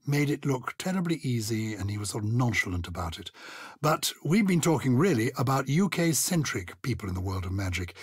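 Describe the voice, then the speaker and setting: A man's voice: mid-range voice, slightly rough, no room sound, clean studio sound. An older man co-hosting a podcast, chatting playfully and theatrically and reading listener letters aloud. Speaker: podcast co-host. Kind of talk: casual chat about words.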